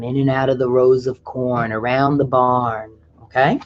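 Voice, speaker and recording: Slow storybook reader, stops to explain the pictures, dull lo-fi audio. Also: mid-range voice, darkish tone. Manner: pauses to explain pictures in a chatty aside. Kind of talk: reading a picture book aloud.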